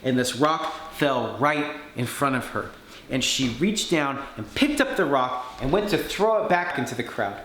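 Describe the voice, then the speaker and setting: A man speaking at a conference, telling a story in an animated way and acting out the people he quotes. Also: medium pitch, unhurried, a crowd in the background. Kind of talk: storytelling talk. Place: conference hall. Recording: echoey room with faint background noise.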